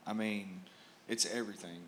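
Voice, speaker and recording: A man's voice: lowish voice, steady tone, normal speed, fairly bright tone, a little hiss or hum. A man giving a casual, rambling testimony on a church stage, full of fillers.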